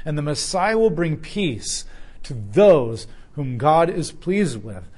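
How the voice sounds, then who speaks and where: A man's voice: on the high side, sing-song, slow, darkish tone. A man preaching a sermon, teaching through a passage with emphatic, repetitive declarations.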